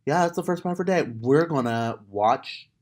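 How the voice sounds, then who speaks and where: Low-voiced woman podcast co-host. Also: moderate pace. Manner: joking, deadpan banter. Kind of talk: casual chat.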